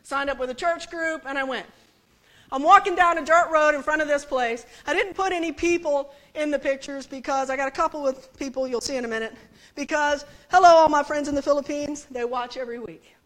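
A woman preaching a sermon, telling a story in a chatty, animated way and laughing with the congregation. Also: high voice, brisk. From United States.

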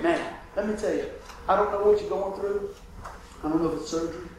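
A man preaching a sermon as pastor, telling a hospital story in an animated way and acting out the voices. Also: sits high, fairly quick, a little hiss or hum. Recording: echoey room from a distance.

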